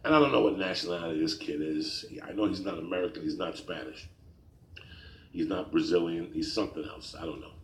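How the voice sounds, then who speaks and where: A man hosting a podcast, telling a profane story in a casual, animated way, mumbling one moment and yelling the next. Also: low-pitched, brisk, echoey room, slight background noise, poor audio. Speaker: podcast host.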